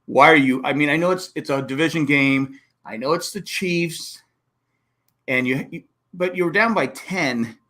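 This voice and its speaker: A man hosting a casual sports podcast, talking fast and acting out coaches' and fans' reactions. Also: on the high side. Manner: animated, acts out coaches and fans with exclamations. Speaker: podcast host.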